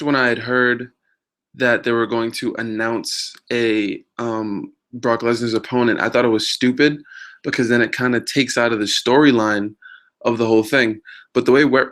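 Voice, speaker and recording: A man's voice: medium pitch, a bit bright. A man hosting a wrestling news vlog, talking in a rambling, casual way with many fillers and self-mocking jokes. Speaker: wrestling news show host.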